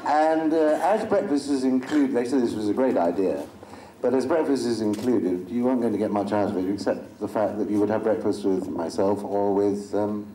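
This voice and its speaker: A man's voice: fairly low pitch, normal speed, few pauses, mellow. A middle-aged man joking wryly as a convention panel guest before an audience. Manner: wry, dry self-mocking humor. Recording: echoey hall with crowd noise.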